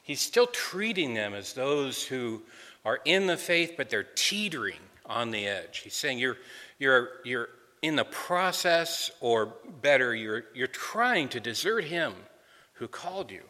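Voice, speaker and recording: Man, preacher, sermon, earnest, repeats words, tense bright tone, long reverb. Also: medium pitch, big pitch swings, measured pace.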